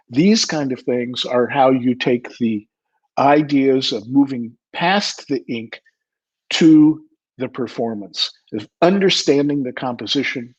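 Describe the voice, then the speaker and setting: Older man lecturing on percussion, husky. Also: mid-range voice. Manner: explanatory, sings rhythm syllables to demonstrate. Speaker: percussion educator giving a clinic. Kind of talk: online music clinic lecture. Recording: slightly muffled lo-fi audio.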